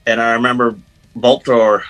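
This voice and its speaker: A man being interviewed as a guitarist, telling stories in a casual, animated way with lots of "you know"s. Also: medium pitch, moderate pace, poor audio. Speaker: guest guitarist.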